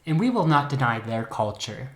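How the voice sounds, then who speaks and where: A man's voice: medium pitch, big pitch swings, normal speed, fairly bright tone. A man co-hosting a podcast, telling a true-crime story in a campy, joking, casual way. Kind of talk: casual chat. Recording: roomy echo.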